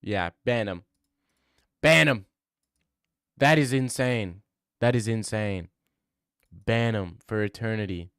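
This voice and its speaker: A man's voice: on the low side, measured pace, clean tone, no room sound, studio quality. A man streaming live, chatting casually with his viewers in a rambling, joking way. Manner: rambling, joking banter with chat. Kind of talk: casual livestream chat.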